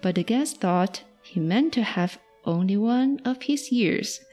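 A woman volunteer storyteller reading a fairy tale aloud to children in a slow, expressive read-aloud. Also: mid-range voice, faint music behind.

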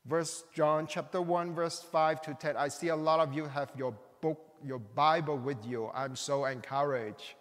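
A middle-aged man preaching a sermon, with slow, emphatic delivery, big swings between loud and soft, and slightly non-native phrasing. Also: fairly high pitch, steady tone. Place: large church hall. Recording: reverberant hall.

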